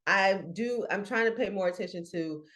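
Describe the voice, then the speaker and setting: A woman's voice: medium pitch, normal speed. A woman from Atlanta with a Southern US accent, co-hosting a casual podcast and telling a story with frequent laughter. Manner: animated storyteller, laughs often. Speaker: podcast co-host.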